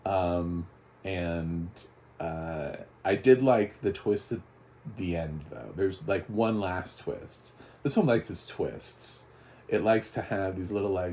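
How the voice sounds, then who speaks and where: A man's voice: low-pitched, a little slow, a little mellow. A man giving a casual, chatty spoken movie review, often laughing. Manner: chatty, laughing, mock voices for quotes.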